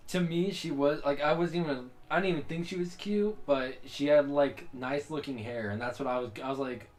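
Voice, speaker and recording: A young man playing a game and chatting, excitable and prone to loud outbursts. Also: a little high, a little fast. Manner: excitable, bursts into loud reactions. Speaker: let's play player. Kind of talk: casual gameplay chat.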